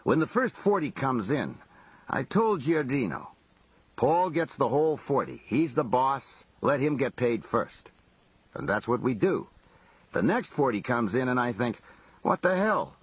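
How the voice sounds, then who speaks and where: A man's voice: medium pitch, big pitch swings, a little slow, husky, dry recording, heavily acted. A man voicing a blunt, streetwise mob underboss who recounts his grievances in profane, conversational talk. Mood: aggrieved.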